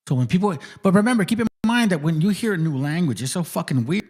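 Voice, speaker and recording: A man in casual livestream chat, explaining a pronunciation by repeating it slowly, loose and swearing. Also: a little high, expressive. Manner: loose, cursing, repeats words slowly to demonstrate.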